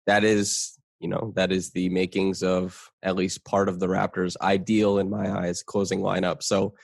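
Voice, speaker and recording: A man's voice: low-pitched, level tone, moderate pace, creaky, no room sound, clean studio sound. A man hosting a podcast, asking questions in an upbeat, teasing way. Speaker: podcast host. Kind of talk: casual podcast interview.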